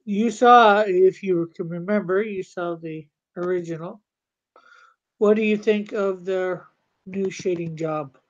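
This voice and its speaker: A host of a comics livestream chatting casually while drawing, relaxed and joking, often trailing off. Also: medium pitch, a little slow, muffled recording.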